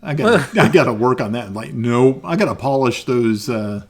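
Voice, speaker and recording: A man's voice: mid-range voice, lively intonation, moderate pace, darkish tone, slightly rough. A man with a Southern American accent, chatting casually as a streamer and dungeon master, laughing often and swearing lightly.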